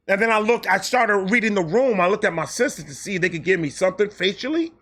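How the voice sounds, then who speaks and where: High-voiced man telling a comic story. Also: fast, hardly any pauses. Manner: animated, profane, acts out quotes. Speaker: storytelling host. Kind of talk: comedic storytime monologue.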